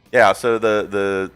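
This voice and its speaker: Animated male storyteller with faint music. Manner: animated storytelling, swings into loud high impressions. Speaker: podcast co-host. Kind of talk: casual chat while painting miniatures.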